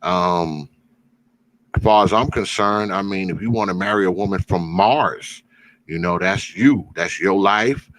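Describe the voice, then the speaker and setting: A very deep-voiced man in casual hosts a live call-in stream. He talks in a laid-back, unhurried way, full of drawn-out fillers and easy laughter. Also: a bit bright, rough recording.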